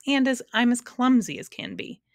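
A woman's voice: medium pitch, animated, brisk, a bit bright, dry recording, studio quality, pitched above the performer's own voice. A woman reading aloud and voicing a fretful, contradictory man in a storybook.

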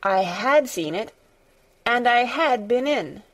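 Storybook girl, sour-tempered and frank, slow earnest delivery, voiced by a female reader. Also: medium pitch, animated. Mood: firm.

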